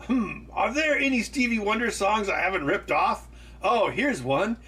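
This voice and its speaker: A man's voice: high-pitched, expressive, moderate pace, bright, forceful tone, distant mic, voice pushed up. A man putting on a smug, self-satisfied voice, musing aloud like a scheming showbiz figure.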